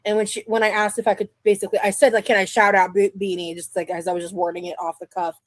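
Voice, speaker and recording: A woman's voice: medium pitch, level tone. A young woman talks casually on her live stream, rambling and restarting her sentences. Her voice sits in a middle range. The sound is close and dry, with no room echo. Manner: rambling, halting, with many restarts and fillers.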